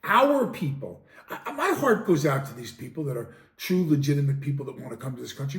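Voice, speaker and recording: A man hosting a podcast in a heated monologue, swinging from loud outbursts to low, sarcastic mutters. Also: big pitch swings, brisk. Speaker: podcast host. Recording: echoey room, distant mic.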